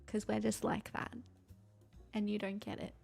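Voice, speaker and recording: A woman's voice: mid-range voice, completely flat delivery, moderate pace, creaky, a little mellow, husky. A young woman streamer chatting casually and candidly with viewers, rambling and swearing freely. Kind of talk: casual chat answering viewer questions.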